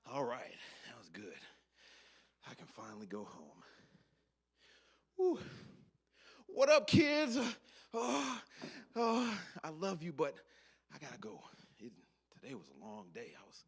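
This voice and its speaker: A man playing a tired worker who keeps hiding his burdens, talking in nervous hushes and whispers. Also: fairly low pitch, husky, full character voice. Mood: weary. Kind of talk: sketch acting.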